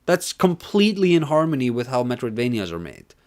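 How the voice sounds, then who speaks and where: A man's voice: mid-range voice, very animated, fairly quick. A man streaming and commenting casually on a conference talk, rambling with lots of fillers and jokes. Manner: rambling, filler-heavy, joking.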